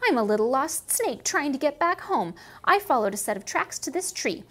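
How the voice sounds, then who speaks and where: A woman's voice: sits high, big pitch swings, moderate pace, fairly bright tone, voice pushed up. A woman voicing a small, scared, lost young male snake in a storybook reading. He talks timidly and politely, asking questions. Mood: anxious polite.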